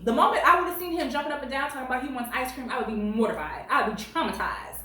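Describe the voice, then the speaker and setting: A woman in her late twenties reads online stories at home and gives her own animated, sassy commentary. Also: high-pitched, fast talker, heavy reverb, distant mic, rough recording. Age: late 20s. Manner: animated, sassy, laughs a lot. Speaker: reddit story reader and commentator. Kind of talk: casual commentary vlog.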